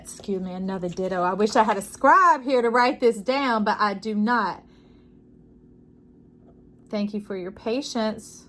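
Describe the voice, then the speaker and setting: A woman doing an intuitive tarot reading, chatting to the listener directly and drifting into lively stories. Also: mid-range voice, measured pace, pauses often. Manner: chatty, warm-hearted, digressive storytelling with animated quoted voices; addresses listener directly as y'all and love. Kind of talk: casual spiritual tarot reading.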